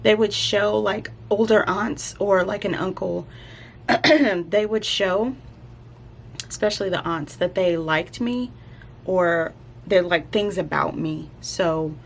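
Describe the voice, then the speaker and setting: A young woman speaks casually and reflectively, stopping and restarting often with many fillers. Her voice sits a bit low. A faint hiss of noise runs under the recording. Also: takes it slowly, gravelly.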